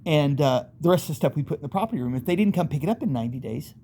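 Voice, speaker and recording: A man's voice: on the high side, lively intonation, racing, dark tone, slight background noise. A man casually telling a rambling, vivid first-person story, acting out voices in sudden bursts.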